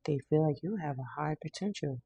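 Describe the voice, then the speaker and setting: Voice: mid-range voice, fairly quick, warm tone, breathy edge, no echo. A tarot card reader in a casual reading, blunt and slangy, laughing now and then. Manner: laughs often.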